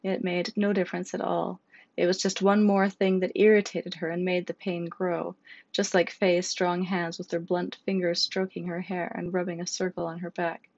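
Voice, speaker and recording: A woman narrating a storybook in a steady, measured way. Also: fairly low pitch, creaky, no room sound. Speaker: audiobook narrator. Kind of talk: scripted narration. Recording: dull, dry lo-fi recording.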